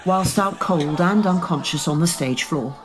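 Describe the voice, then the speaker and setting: Woman doing a wry deadpan narrator. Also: on the low side, a little slow, background noise, lightly acted. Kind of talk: dry comic narration.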